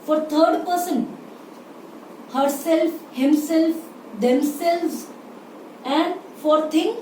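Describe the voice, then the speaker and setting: A woman with an Indian English accent teaches grammar in a slow, deliberate way, with a high but mellow voice. She spells words out letter by letter and repeats key terms. She is heard from a distance in a roomy space, with faint ambient noise behind her. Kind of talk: slow explanatory grammar lesson.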